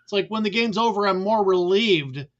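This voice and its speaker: A man, a mortgage guest on a remote call. He talks in a relaxed, rambling way with many fillers. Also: sits high, moderate pace, dull audio. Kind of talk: casual remote chat.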